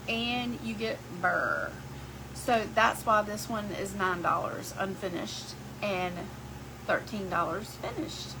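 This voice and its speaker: A middle-aged woman, chatting casually with her live-stream viewers as she shows her crafts. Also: a little high. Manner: chatty, talks to viewers as y'all. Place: home craft workshop. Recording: clear background hum.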